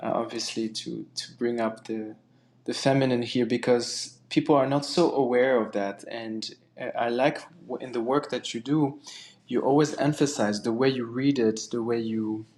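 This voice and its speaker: A man's voice: mid-range voice, steady tone, moderate pace, darkish tone. A man taking part in a casual spiritual discussion, speaking earnestly with many restarts and fillers. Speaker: guest participant.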